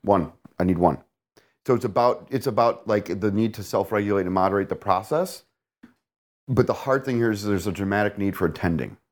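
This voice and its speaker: A man talking as a coach or therapist, explaining ideas in a relaxed conversation and acting out little examples as he goes. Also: lowish voice, a little fast. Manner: animated, explains with acted-out examples.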